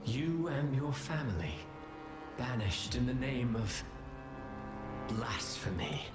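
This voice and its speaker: A man voicing a cunning, theatrical male schemer in a game, smooth and probing. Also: medium pitch, big pitch swings, slow, reverberant, music in the background.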